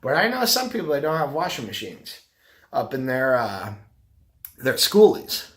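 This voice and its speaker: A man's voice: mid-range voice, big pitch swings, moderate pace, fairly bright tone. A middle-aged man talking casually to the camera, rambling and repeating himself. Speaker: vlogger, carpet cleaner and business owner.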